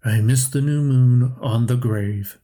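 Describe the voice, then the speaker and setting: Give me a man playing a reflective old uncle, slow and husky, in a storybook reading. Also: mid-range voice, mellow. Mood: subdued. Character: old lame uncle recalling lost love.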